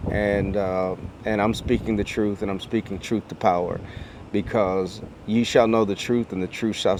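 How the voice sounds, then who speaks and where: A man's voice: on the low side, darkish tone, a little hiss or hum. A middle-aged man, an educator, telling a personal story to camera in an earnest voice that builds through strings of repeated phrases like a preacher. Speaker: educator and speaker.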